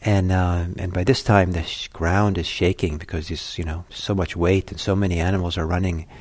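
A man telling a Buddhist parable in a talk, unhurried and conversational. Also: low voice, flat delivery. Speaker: Buddhist teacher.

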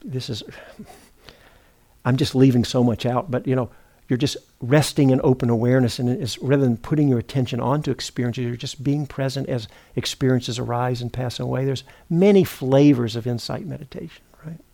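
A middle-aged man giving a meditation teaching at a retreat center, speaking in an unhurried, thoughtful way, often pausing to correct himself. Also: medium pitch, fairly even intonation, vocal fry, mellow. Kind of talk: dharma talk.

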